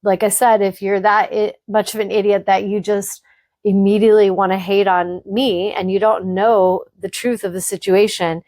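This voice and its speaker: A woman's voice: medium pitch, darkish tone, no room sound, clean studio sound. A woman hosting a spiritual podcast, speaking frankly to her listeners in an emphatic, blunt monologue that swears freely.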